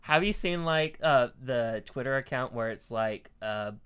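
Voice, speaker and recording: Woman, podcast co-host, very deep voice, relaxed casual chat. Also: measured pace, smooth.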